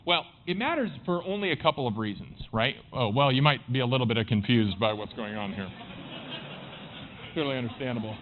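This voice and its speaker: A man's voice: medium pitch, expressive, moderate pace, a little hiss or hum. A man giving a playful conference talk from a stage, joking with the audience. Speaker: conference speaker. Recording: dull lo-fi conference recording.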